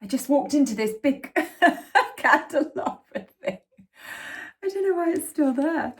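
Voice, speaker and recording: A woman vlogging casually at home, gushing and excitable, often dropping into soft whispers. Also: sits high, fairly quick. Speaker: lifestyle vlogger. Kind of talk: casual chat to camera. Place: home indoors.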